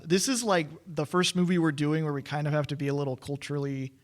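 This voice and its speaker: A man's voice: fairly high pitch, fairly even intonation, fast talker. A young man co-hosting a podcast in casual chat, laid-back and laughing often. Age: young adult. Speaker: podcast co-host.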